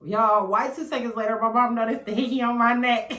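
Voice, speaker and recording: A woman in her twenties, a vlogger telling a personal story in a chatty, animated way, swearing freely and talking straight to her viewers. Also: a little high, brisk, a little hiss or hum. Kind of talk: casual storytelling to the camera. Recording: echoey room.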